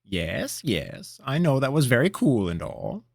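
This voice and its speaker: A man's voice: mid-range voice, huge pitch swings, measured pace, gravelly, dry recording, studio quality, pitched above the performer's own voice, exaggerated voice. A man voicing an impatient old male mage who speaks curtly and dismissively. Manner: curt, irritable, dismissive.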